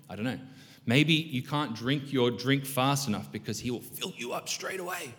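A man preaching a sermon as pastor, animated and swinging between loud emphatic bursts and quiet reflective stretches. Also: mid-range voice. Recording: long hall reverb.

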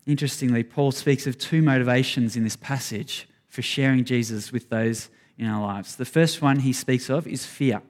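A man's voice: mid-range voice, normal speed, hardly any pauses. A man preaching a sermon, earnest and conversational, speaking straight to his congregation. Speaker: pastor.

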